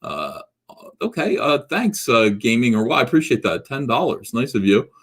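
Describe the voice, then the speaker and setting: A man in his forties hosts a relaxed livestream in a medium-pitched, fairly bright voice with a breathy edge, big pitch swings, and normal speed. As he reads viewer comments he rambles, teases himself, and restarts often with lots of fillers.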